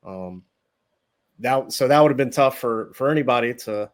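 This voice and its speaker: A man's voice: medium pitch, moderate pace. A man speaking as a guest recruiting analyst on a sports radio show, hesitant, with many ums and repeated words. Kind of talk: casual sports radio interview.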